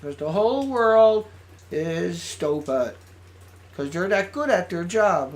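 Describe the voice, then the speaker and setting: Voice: mid-range voice, expressive, slow. A video blogger reading out news headlines in a rambling, sarcastic way, muttering asides to themself.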